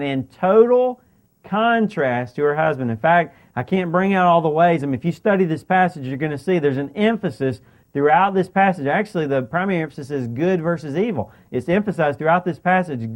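A high-voiced man delivering a sermon. He retells the story lively, slipping into the characters' lines and tossing questions to the congregation. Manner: animated, acts out the characters' lines in paraphrase. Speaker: pastor.

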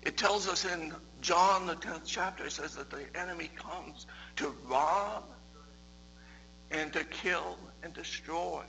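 Guy preaching a sermon, high bright voice, loose and chatty, lots of restarts. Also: takes it slowly, gravelly, faint music behind, rough recording. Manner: conversational, repeats words, builds in loudness and pitch toward the end. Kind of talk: sermon with storytelling.

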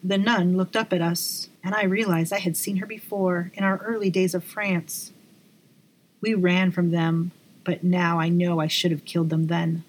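A woman narrating a dark first-person story in a measured, dramatic reading. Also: fairly low pitch, level tone. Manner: measured, slowing on dramatic lines.

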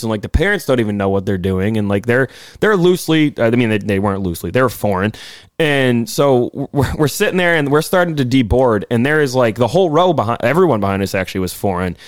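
A man tells a rowdy travel story to his co-hosts, breaking into laughter as he goes. His voice sits mid-pitched, and the sound is close and dry. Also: dry recording. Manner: laughs often while telling stories, swears freely. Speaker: podcast co-host. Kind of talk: casual storytelling chat.

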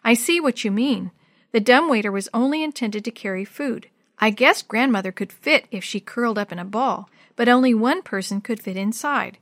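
A woman reading the lines of a practical, level-headed young girl in a children's story, with a calm and decisive delivery. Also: fairly high pitch, moderate pace, no room sound, clean studio sound, close to an everyday voice. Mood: steady.

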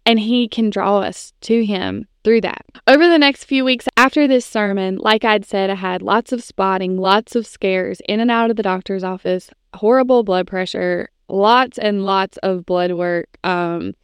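A woman in her thirties talks through a personal faith story for her podcast. Her delivery is casual and chatty, filled with "like" and "you know". Her voice is smooth and clear, sits in an ordinary middle pitch, and is recorded dry with no room sound. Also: unhurried, few pauses, no room sound. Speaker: podcast host.

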